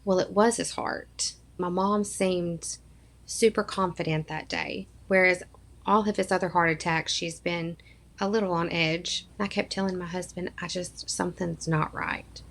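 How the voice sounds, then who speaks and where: Gravelly-voiced woman sharing an emotional story. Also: fairly low pitch, fairly even intonation, normal speed, a bit bright. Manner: earnest, emotional storytelling with acted-out quotes. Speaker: podcast guest. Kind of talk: personal storytelling in a podcast interview.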